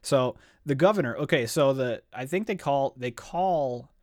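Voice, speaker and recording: A man's voice: mid-range voice, normal speed, darkish tone, dry recording, studio quality. A man retelling a fantasy novel in casual podcast chat, rambling with fillers. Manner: rambling summary with fillers and laughs.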